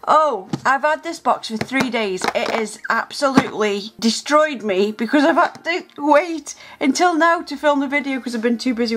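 Gushing woman with a higher voice. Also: background noise. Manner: gushing, excitable, lots of gasps and exclamations. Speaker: nail art channel host. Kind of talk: casual unboxing vlog.

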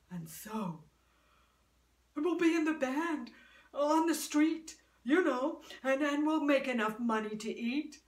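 A woman storyteller with a high voice tells a fairy tale very slowly, stretching out each phrase. She sounds roomy and a little far from the mic. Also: expressive. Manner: very slow and drawn out, dropping soft and low. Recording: roomy room, voice from a distance.

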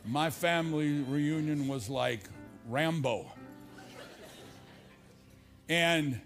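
Older male pastor, high-pitched, preaching to a congregation with soft music under him. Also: drawn-out words. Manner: preaching with rising pitch on repeated lines, then dropping low and confiding in stories. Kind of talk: sermon. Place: church stage before a congregation.

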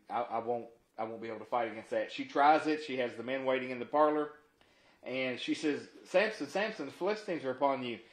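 Man teaching scripture in an echoey room. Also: medium pitch. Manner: retells scripture casually with asides and restarts. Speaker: preacher. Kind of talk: conversational Bible teaching.

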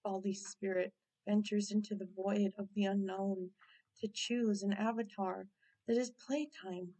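A woman narrating a cartoon in a mock-dramatic, hushed, solemn way. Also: medium pitch, little pitch movement, unhurried, rough recording.

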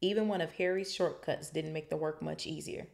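A woman with a low, gravelly voice reads a book aloud for her podcast. She breaks into chatty, animated asides between passages, in a relaxed, casual way. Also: brisk. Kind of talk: reading aloud with casual commentary.

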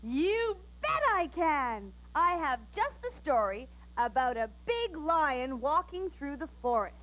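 A woman's voice: sits high, very animated, slow pace, a bit bright. A woman hosting and telling stories on a children's TV show, in a bubbly, sing-song way. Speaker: children's TV host and storyteller.

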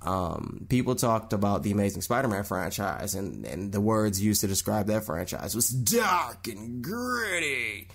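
A young man hosting a solo radio talk show, giving lively commentary on movie news and slipping into quick impressions of other people. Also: on the low side, vocal fry, husky. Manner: animated, mimics people in quick put-on voices.

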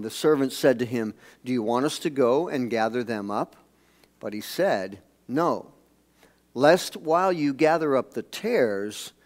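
A male pastor delivering a sermon in a church, earnest and emphatic. His voice sits at an ordinary middle pitch, and his phrases often fall away softly at their ends. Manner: earnest, emphatic preaching with hushed phrase endings. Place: church sanctuary.

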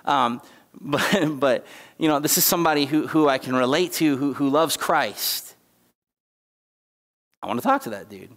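With church hall reverb around him, a man preaches as a guest speaker in a church sanctuary, fighting back tears. His voice is medium-pitched and a bit bright, at normal speed with frequent pauses, and his delivery is conversational and emphatic, full of asides and restarts.

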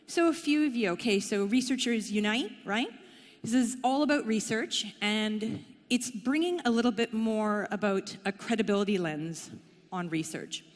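A woman's voice: on the high side, normal speed. Chatty woman speaker in a reverberant hall. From Canada. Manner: chatty, playful and self-deprecating. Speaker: conference speaker. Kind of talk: conference talk. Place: conference hall.

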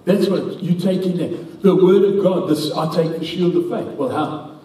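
Recorded at a distance in an echoey church hall, a South African English-accented man delivers an earnest, emphatic sermon with long scripture quotations. His voice is high-pitched and mellow, at a moderate pace.

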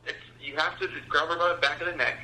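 A man in a casual home video giving quick, matter-of-fact instructions from across the room. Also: on the high side, fairly even intonation. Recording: roomy and noisy from afar.

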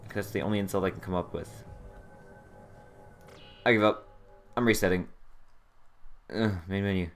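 A man's voice: deep voice, steady tone, moderate pace, pauses often, faint music behind. A young man giving casual gameplay commentary, exasperated and sarcastic, swearing at a puzzle he can't solve. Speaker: let's play commentator.

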